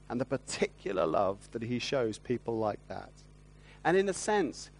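A man preaching a sermon, earnest and gentle, often drawing his listeners in with tag questions. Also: mid-range voice.

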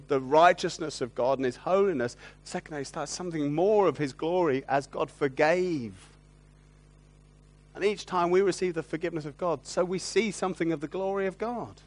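A man preaching a sermon, earnest and gentle, often drawing his listeners in with tag questions. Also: fairly high pitch, normal speed.

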